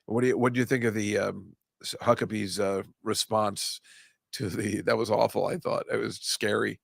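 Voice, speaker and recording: A man's voice: fairly low pitch, flat delivery, normal speed, vocal fry, no room sound, clean studio sound. An older man, hosting a casual chat show and ranting with self-mocking asides. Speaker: host. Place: comedy club studio.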